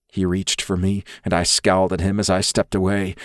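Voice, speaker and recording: A man narrating a first-person audiobook in a measured, intimate storytelling manner. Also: deep voice, monotone, fairly bright tone, dry recording, clean studio sound.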